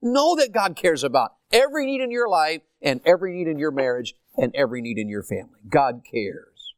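A man's voice: a little high, fairly quick, dry recording, studio quality. An older man with a Southern accent from Tennessee, preaching a sermon and asking his congregation questions. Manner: animated, asks the congregation questions. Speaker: pastor.

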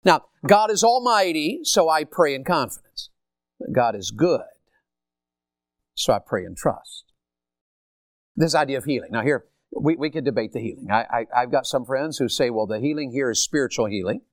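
A man's voice: mid-range voice, normal speed, no room sound, studio quality. An older man with a Southern accent from Tennessee, preaching a sermon and asking his congregation questions. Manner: animated, asks the congregation questions. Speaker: pastor.

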